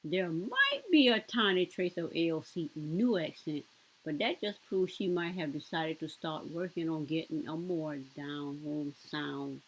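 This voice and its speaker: A woman's voice: sits low, animated, measured pace, a little hiss or hum, rough recording. A woman giving casual video commentary in a mocking, sarcastic tone.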